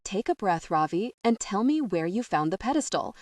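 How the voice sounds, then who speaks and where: A woman's voice: mid-range voice, very animated, normal speed, darkish tone, no echo, far from the mic. A woman voicing a stern housekeeper who gives firm orders, in an audiobook.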